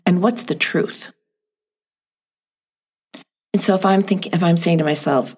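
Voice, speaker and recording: A middle-aged woman with a low voice, gravelly and a little husky. She talks in a gentle, thoughtful way and keeps asking the listener reflective questions. The setting is a calm podcast conversation. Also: a little slow, pauses often. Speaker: guest.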